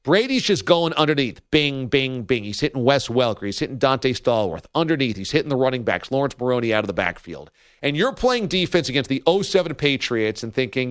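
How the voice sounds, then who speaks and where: A man's voice: a little high, big pitch swings, a little fast, a bit bright, smooth, no echo, clean studio sound. A man hosting a casual sports talk show, telling stories emphatically and acting out mock quotes. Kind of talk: casual sports radio banter.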